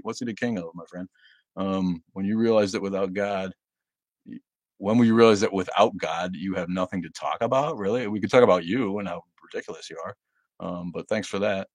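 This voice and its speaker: This man hosts an informal livestream in a low voice, voicing his viewers' comments and responding sardonically and directly, with frequent laughter and filler words. There's no room sound; it's studio-grade audio.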